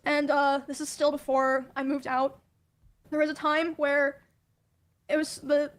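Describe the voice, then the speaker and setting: A woman with a high voice that barely moves in pitch, telling her own story. She talks softly and hesitantly, with frequent ums and pauses. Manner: soft, hesitant, many ums and likes. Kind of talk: recounting personal experiences in a played clip.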